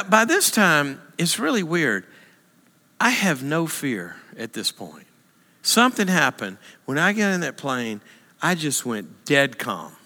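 A man tells a humorous story to a church audience in an animated, self-mocking way, jumping into other people's voices. His voice is bright and a little high for a man. The sound carries the long reverb of a large hall. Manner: animated, self-mocking, acts out voices with big pitch jumps. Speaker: speaker telling a story in a church.

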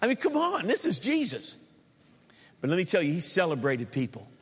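A pastor preaching a sermon in an emphatic, animated way, mixing punchy repetition with joking asides to the congregation. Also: male voice, high voice, moderate pace, slightly rough, in a large hall.

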